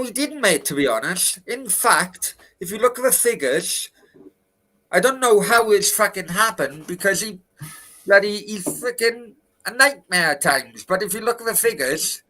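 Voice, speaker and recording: A man talks football in a loose, sweary rant, angry about his club's dealings. His voice is bright and tense and sits a little high. He is speaking from a hotel room. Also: poor audio. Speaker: co-host of football talk show. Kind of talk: casual chat.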